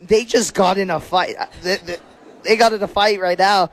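A man's voice: high voice, fairly even intonation, moderate pace, a bit bright. A young man co-hosting a sports show, chatting casually and stumbling over repeated words. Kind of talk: casual on-air banter.

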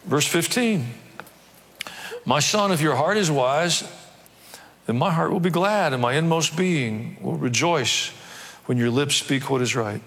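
A man, a pastor, preaching a sermon in a conversational way with wry asides, reading scripture aloud in slower, measured tones. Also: a little high, animated, fairly bright tone, big-room sound.

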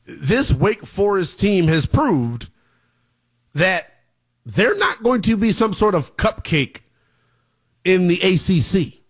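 Male sports talk host, lively pitch, slightly high, brash and opinionated. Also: slow, long pauses. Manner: brash, emphatic, repeats for punch. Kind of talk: opinionated college football talk.

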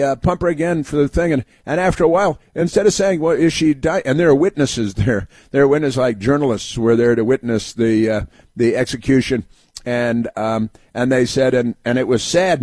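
A man hosting a talk show, giving sarcastic political commentary in a halting delivery full of fillers and restarts. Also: mid-range voice, a little mellow, no room sound. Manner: sardonic, mock-cheerful asides.

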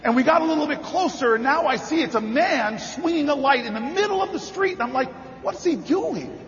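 A politician telling a story and building to rally cries in an impassioned campaign speech at a convention. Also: male voice, very high-pitched, expressive, fairly quick, soft background music. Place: large convention hall. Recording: reverberant hall, dull sound.

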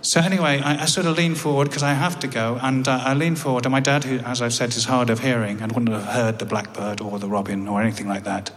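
A middle-aged English man tells a personal story in a wry, self-deprecating way, with deadpan asides. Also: mid-range voice, fast talker, hardly any pauses. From England. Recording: hall reverb with faint ambience.

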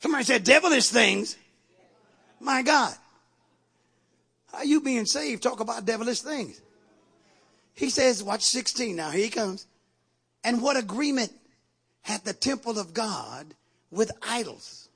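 A man preaching a sermon, moving from quiet asides to shouted exhortations and calling out to the congregation. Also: extremely high pitch, expressive, a little slow, creaky, long pauses, husky. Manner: call-and-response exhortations to the congregation.

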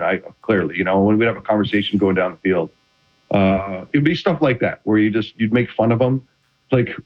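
This retired quarterback, now middle-aged, speaks in a fairly low, brisk voice as a casual interview guest. The dull lo-fi recording catches his lively stories, full of restarts.

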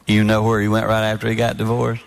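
A man in his sixties giving a sermon-style talk on marriage, animated and storytelling, acting out other people's lines. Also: on the low side, fast talker, creaky. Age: 60s. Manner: animated storytelling with mimicked voices. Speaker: speaker at a marriage event. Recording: long hall reverb.

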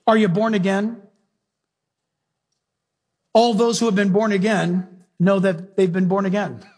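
A male preacher gives a sermon in a high-pitched, husky and breathy voice, speaking unhurriedly. He's emphatic and animated in his storytelling, driving points home and putting direct questions to the congregation.

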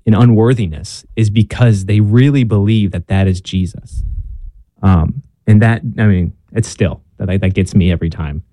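Young male guest, earnest, self-deprecating storyteller; low warm voice, dry sound. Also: no echo. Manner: earnest, self-deprecating, with frequent ums and restarts. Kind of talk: casual conversation about faith.

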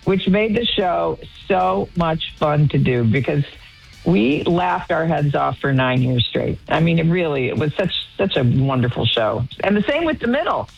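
Low-voiced actress telling stories on radio. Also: female voice, normal speed, creaky, husky, dull audio, soft background music. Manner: animated storytelling, with laughs. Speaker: guest actress. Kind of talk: casual radio interview.

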